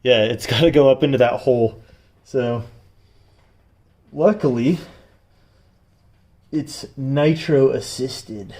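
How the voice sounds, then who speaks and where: A man's voice: mid-range voice, slow, long pauses, warm tone. A man chatting casually as he installs a part on his truck, joking along and sounding strained while he reaches into tight spots. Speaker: DIY car vlogger. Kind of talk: casual how-to commentary while working. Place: working on a truck's rear suspension.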